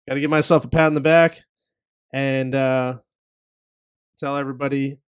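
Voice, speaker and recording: A man in his thirties hosting his own podcast, talking in a casual, rambling solo rant and acting out the people he quotes. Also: mid-range voice. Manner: rambling, candid, acts out quoted people in asides. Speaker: podcast host.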